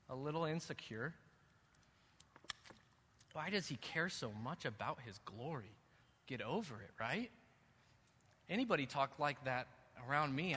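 A male pastor preaching a sermon in a church, moving between calm teaching and loud, emphatic passages. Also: mid-range voice. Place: church sanctuary. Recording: echoey hall reverb.

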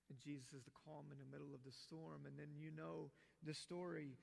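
A man preaching a sermon as pastor, animated and swelling loud, with casual asides to the church. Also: a little high, fairly quick, creaky, few pauses. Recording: long reverb of a large hall.

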